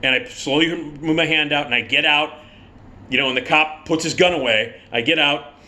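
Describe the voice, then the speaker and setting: Animated, bright-voiced man telling a story. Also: fairly high pitch, moderate pace. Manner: animated, acts out the cop and himself in quoted voices; swears freely. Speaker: vlogger telling a personal story. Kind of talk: casual storytelling monologue.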